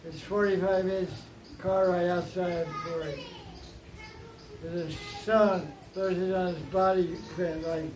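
A man's voice: high-pitched, steady tone, a little slow, darkish tone, echoey room, slight background noise, low-quality recording. A man teaching an informal scripture class outdoors, telling the story with playful asides. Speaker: spiritual teacher.

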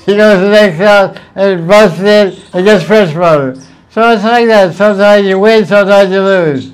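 A man giving an informal spiritual talk, telling stories with playful asides and frequent chuckles. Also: high-pitched. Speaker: spiritual teacher.

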